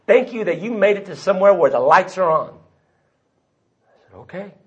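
A man's voice: sits high, expressive, moderate pace, fairly bright tone, husky. A man giving a recovery testimony, telling his story and voicing the people he quotes. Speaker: recovery meeting speaker. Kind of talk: personal testimony talk. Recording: dull lo-fi recording.

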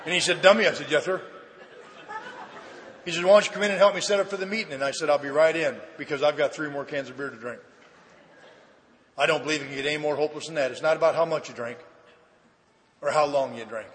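A man with a bright, forceful, fairly high voice gives a personal testimony at a recovery meeting. He tells it lively and plays out each exchange. The sound rings with the long reverb of a large hall. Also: fast talker, long pauses. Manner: lively storyteller who acts out the dialogue. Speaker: speaker sharing his recovery story. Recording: echoey hall.

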